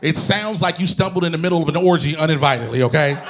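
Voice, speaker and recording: A man performing a stand-up comedy routine on stage, telling animated, profane stories and bursting into shouted impressions. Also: a little high, fast, a little hiss or hum. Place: comedy stage before a live audience.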